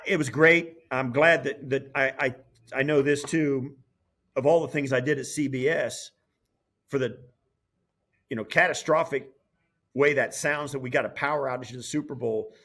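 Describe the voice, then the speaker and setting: A middle-aged man, a former player turned broadcaster, telling a story as an interview guest in an animated way, with frequent restarts. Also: medium pitch, moderate pace, long pauses. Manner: animated, lively, full of restarts. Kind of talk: casual storytelling.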